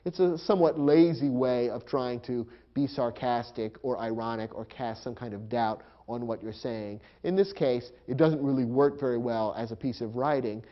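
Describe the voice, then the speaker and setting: A man teaching a grammar lesson, explaining punctuation clearly and patiently. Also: medium pitch, highs cut off.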